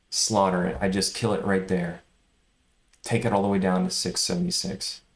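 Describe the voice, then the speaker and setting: A man recapping his day of stock trading in a casual, animated way, swinging between excitement and frustration. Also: fairly low pitch, reverberant. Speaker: day trader vlogger.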